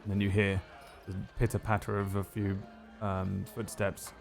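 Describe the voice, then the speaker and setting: A man narrating a tabletop game as game master, describing scenes with frequent pauses. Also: sits low, monotone, gravelly, soft background music.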